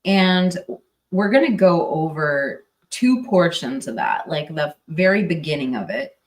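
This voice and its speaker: A woman's voice: low voice, animated, unhurried, distant mic. A woman commenting casually on a livestream, hesitant and full of fillers and restarts. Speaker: true crime streamer.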